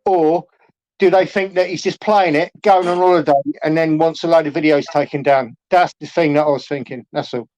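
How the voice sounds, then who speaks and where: A man's voice: fairly high pitch, fairly even intonation, a little fast, darkish tone, no room sound. A man on a livestream panel, hesitant and apologetic, with plenty of fillers. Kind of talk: casual livestream panel chat. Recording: dull lo-fi stream audio.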